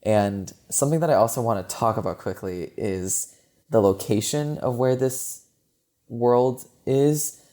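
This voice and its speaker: Mellow-voiced man rambling about films. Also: mid-range voice, a little slow. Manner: chatty and rambling, heavy use of "like". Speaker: podcast co-host. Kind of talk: casual film review chat.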